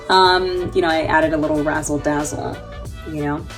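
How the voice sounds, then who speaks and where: Low, unhurried American woman vlogging. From New York. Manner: chatty and joking, laughs often, many fillers. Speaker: travel vlogger. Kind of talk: casual vlog chat.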